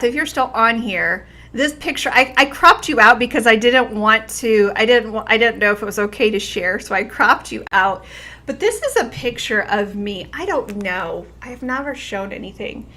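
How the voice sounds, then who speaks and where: A woman's voice: a little high, pushed and bright. A middle-aged woman health coach giving an earnest, emphatic motivational talk to her viewers. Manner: earnest and emphatic, with repeated phrases.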